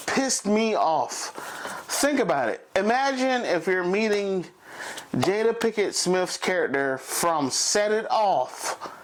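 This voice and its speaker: A man hosting a podcast, ranting heatedly and profanely in a reaction talk. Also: sits high. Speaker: podcast host.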